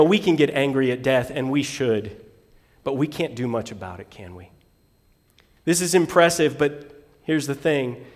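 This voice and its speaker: A man preaching a sermon in a slightly high voice. He reads scripture with dramatic swings between loud bursts and near whispers. A long reverb trails behind him. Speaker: pastor.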